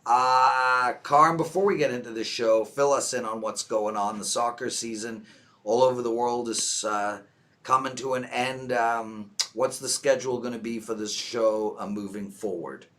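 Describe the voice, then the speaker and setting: A man with a bright, forward voice hosts a casual sports chat, ribbing his co-hosts and keeping things loud and playful. He talks over a video call. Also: medium pitch, steady tone, normal speed. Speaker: host.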